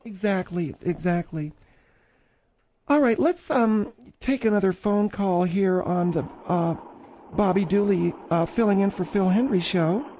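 A man with a high voice hosts a call-in radio show in a chatty, teasing way. He calls his callers dear and honey as he presses them with questions. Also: unhurried, dark tone, a little hiss or hum. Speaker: radio host. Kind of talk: comic call-in radio banter.

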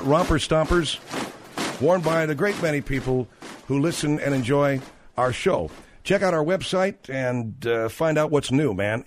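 A middle-aged man hosting a radio talk show, brash, cynical and quick to snap at his sidekicks. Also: a little high.

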